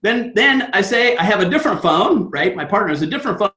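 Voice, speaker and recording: A man who trains network marketers gives a motivational talk and tells a story in an animated, fired-up way. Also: sits high, fast talker, reverberant, rough recording.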